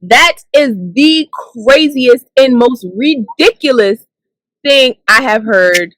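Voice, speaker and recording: A woman co-hosting a casual chat that recaps a reality show, reacting in an animated, incredulous way. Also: high voice, slow, slight background noise, low-quality recording. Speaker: co-host.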